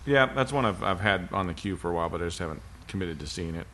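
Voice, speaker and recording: A man co-hosting a podcast, chatting casually about movies and agreeing quickly. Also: sits low, expressive, pushed and bright, slight background noise. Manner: quick, agreeable, lots of backchannel. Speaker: podcast co-host.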